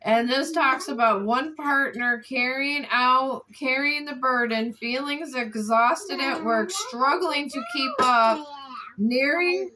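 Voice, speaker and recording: A woman's voice: high voice, takes it slowly, crowd noise, poor audio. A woman giving a casual tarot card reading, exasperated, who swears casually and scolds people off camera between cards.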